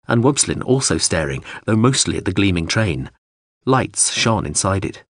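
Male audiobook narrator, scripted narration, low husky voice, lively pitch, dry close sound. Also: no room sound.

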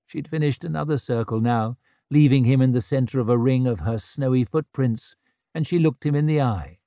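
A man narrating a novel in a measured, unhurried way. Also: medium pitch, warm tone, dry recording, studio quality. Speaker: audiobook narrator. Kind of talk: scripted narration.

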